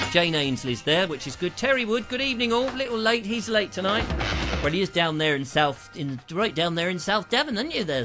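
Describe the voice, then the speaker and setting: Brief: middle-aged man, lively live-stream host, playful and theatrical, higher voice, soft music under. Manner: jokey, theatrical, teasing asides to viewers. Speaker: host of a live online show. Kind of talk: chatty live-stream monologue.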